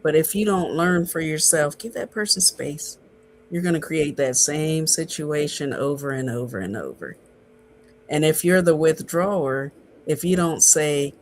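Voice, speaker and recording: A man working as a relationship coach, calmly explaining practical tools step by step in a podcast conversation. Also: fairly high pitch, measured pace, slight background noise. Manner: calm, instructive, lists steps.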